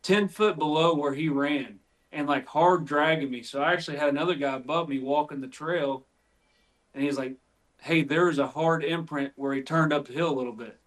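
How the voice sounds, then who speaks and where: Chatty man, slightly high voice. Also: fairly quick. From West Virginia. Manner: rambling, filler-heavy storytelling. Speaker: podcast guest, deer tracker. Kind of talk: casual chat.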